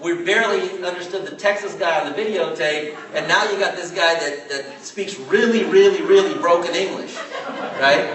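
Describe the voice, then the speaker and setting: A man from California in his forties, telling a story to a live audience at a training event in a chatty, animated way and asking "right?" again and again. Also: sits high, normal speed. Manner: chatty, animated, asks "right?" often, laughs as he talks. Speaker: network marketing trainer. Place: large hall with an audience. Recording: very echoey hall, mic far off.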